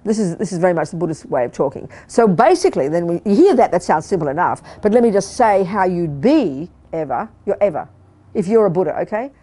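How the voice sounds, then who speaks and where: Older woman teaching buddhism to a group, lowish mellow voice, punchy, keeps asking if they follow. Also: animated, a little fast. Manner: emphatic, repeats words for stress, checks in with listeners. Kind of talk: dharma teaching to a live group. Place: meditation hall of a study group.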